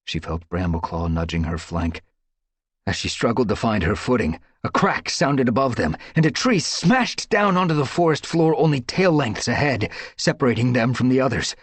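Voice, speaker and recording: A man reading a dramatic audiobook story with expressive, dramatic storytelling. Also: medium pitch, normal speed, breathy edge, no echo. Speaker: audiobook narrator. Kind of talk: audiobook narration.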